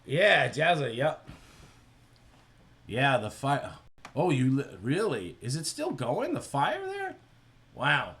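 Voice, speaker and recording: A man's voice: medium pitch, wildly swooping pitch, slow, long pauses, a bit bright. A man with a New Jersey accent, chatting casually on a live stream while he animates, thinking aloud and answering viewers.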